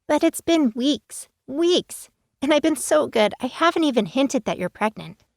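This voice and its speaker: A woman's voice: sits high, animated, unhurried, vocal fry, no echo, studio quality, voice pushed up, heavily acted. A woman doing a bubbly teenage werepanda girl. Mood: pleading, teasing. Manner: whiny, wheedling and pleading.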